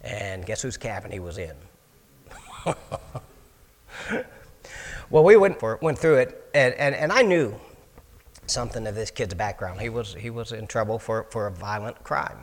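A man with a fairly low voice shares his life testimony in a homespun, storytelling way. He restarts and repeats words as he goes and slips into the voices of the people he quotes. His words ring out with a long reverb, as in a large hall. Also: expressive, measured pace, pauses often. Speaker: speaker giving his testimony.

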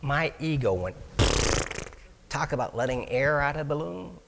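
A man's voice: on the high side, lively intonation, normal speed, vocal fry, in a large hall, heavy background noise. A man telling his personal testimony in a folksy way, repeating and restarting words and acting out the dialogue in his story. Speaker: speaker giving his testimony.

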